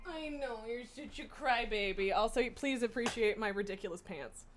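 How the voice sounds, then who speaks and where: A woman's voice: fairly high pitch, normal speed, slight background noise. A young adult woman streaming from home, chatting casually, laughing often and teasing her cat. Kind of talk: casual live-stream chat. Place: indoors at home.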